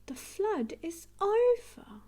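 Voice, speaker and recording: A woman's voice: extremely high pitch, very animated, slow pace, mellow, pitched above the performer's own voice, full character voice. A woman voicing a kindly grandmother pig in a read-aloud storybook. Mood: cheery.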